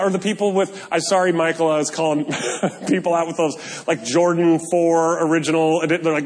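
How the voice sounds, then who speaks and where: A male pastor preaching a sermon, animated and joking, with self-deprecating asides. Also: fairly high pitch, moderate pace. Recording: long hall reverb.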